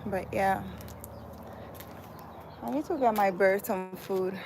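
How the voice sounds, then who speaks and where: Against a noisy background in a city park, a woman walks and talks on a live stream, reading chat as she rambles with many a "like" and "I don't know." Her voice is medium in pitch and she speaks slowly.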